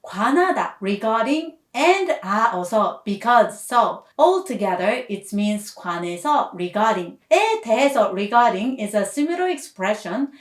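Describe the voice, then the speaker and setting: Lively, patient woman language teacher. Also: on the high side, brisk, hardly any pauses. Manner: clear, patient explanation with lively intonation. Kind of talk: scripted grammar lesson. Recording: echoey room.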